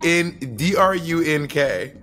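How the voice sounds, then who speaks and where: A man with a fairly high voice, co-hosting a casual reaction chat. He tells gossipy stories in a teasing, playful way. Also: expressive, slow, loud music behind the voice. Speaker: co-host.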